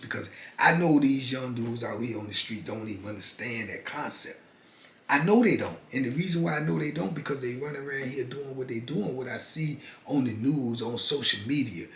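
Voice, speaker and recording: A man's voice: medium pitch, fairly bright tone. An older man talking casually and emphatically in street slang, repeating phrases for rhythm, as the host of his channel. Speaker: channel host, former prisoner. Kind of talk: casual storytelling monologue. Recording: echoey room with faint noise.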